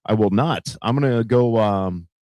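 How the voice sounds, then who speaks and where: A man's voice: lowish voice, measured pace, dark tone, dry recording. A man hosting a casual news commentary show, rambling and profane, with heavy fillers. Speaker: podcast host.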